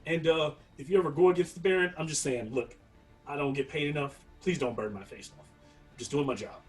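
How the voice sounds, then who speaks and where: A man's voice: on the high side, fairly quick, faint music behind, close to an everyday voice. A man voicing a nervous, underpaid town guard in a tabletop game, pleading and hesitant, recorded a little away from the mic. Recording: voice somewhat far from the mic.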